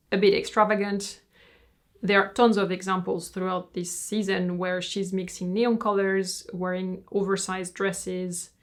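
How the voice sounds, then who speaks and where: French woman reviewing a show on her channel, frank and explanatory, mid pitch. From France. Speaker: fashion reviewer and host. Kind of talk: opinionated review commentary.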